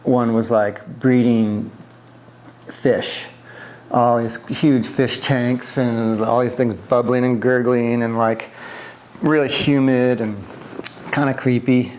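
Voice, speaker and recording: A man's voice: medium pitch, little pitch movement, slow pace, a little mellow. Man telling a rambling story. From US East Coast. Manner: rambling, many fillers and restarts. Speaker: interviewee. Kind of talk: oral history interview, casual storytelling.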